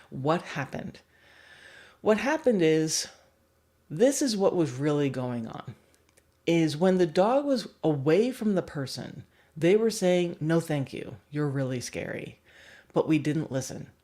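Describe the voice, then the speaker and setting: A young adult woman and dog trainer giving a livestream lesson, animated and acting out examples. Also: deep voice, slow, long pauses. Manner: animated, acts out examples with voices.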